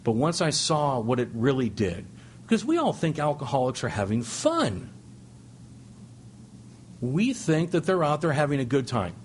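A middle-aged man speaking to a recovery meeting, telling stories with jokes and sudden excited jumps in his voice. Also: a little hiss or hum. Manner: animated, joking, with sudden high-pitched exclamations. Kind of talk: humorous storytelling share. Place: speaking before a meeting audience.

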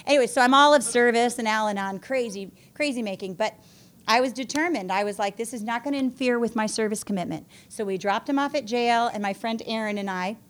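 Woman sharing her recovery story, kinda high voice, jokes at herself. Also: brisk. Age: adult mother. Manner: candid, self-mocking storytelling, laughing through it. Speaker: speaker sharing her story at a support group meeting. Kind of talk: personal recovery testimony.

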